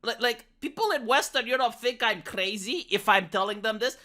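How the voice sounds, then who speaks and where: A man's voice: extremely high pitch, normal speed, sharp tone. Sarcastic ranting man. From Romania. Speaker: vlogger. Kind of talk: casual opinion rant.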